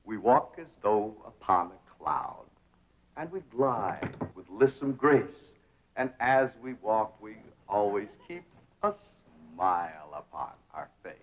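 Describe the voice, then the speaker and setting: A man's voice: on the low side, sing-song, takes it slowly, slight background noise. An actor playing a pompous, lovestruck young man who speaks in grand, affected phrases, on dull old TV sound. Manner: grandiose, theatrical, affected diction.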